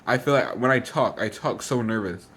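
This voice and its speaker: A teenage boy ranting in a casual vlog, exasperated and repetitive, rushing his words and sounding slightly out of breath. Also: mid-range voice, a bit bright, breathy edge. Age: teens. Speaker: vlogger.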